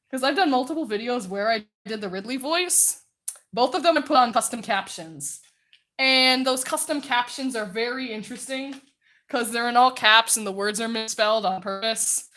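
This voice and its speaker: A woman streamer chatting casually while she draws, naturally loud, chatty and self-mocking, laughing often. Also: on the high side.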